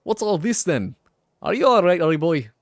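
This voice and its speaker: A man voicing a cheeky, bossy little male fairy companion, talking in a loud, teasing way. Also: high-pitched, very animated, moderate pace, slight background noise, voice pushed up. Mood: puzzled. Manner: brash, teasing, shouty.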